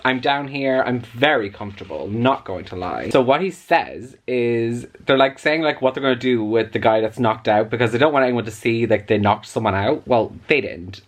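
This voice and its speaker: A man's voice: mid-range voice, moderate pace, few pauses. Chatty young man vlogging about a book. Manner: chatty and excitable, full of "like" fillers. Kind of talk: casual chat.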